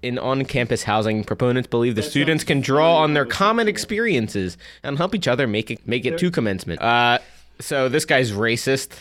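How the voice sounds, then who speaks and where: A man's voice: mid-range voice, lively intonation, moderate pace, fairly bright tone. A man co-hosting a podcast, reading news stories and chatting bluntly. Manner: laughs often, blunt. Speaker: podcast co-host. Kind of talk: casual banter, reading news aloud.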